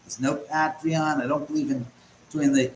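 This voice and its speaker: A man's voice: fairly high pitch, flat delivery, moderate pace, roomy sound, a little hiss or hum, rough recording. A man hosting a casual livestream chat from home, rambling and sarcastic and swearing often. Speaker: livestream host.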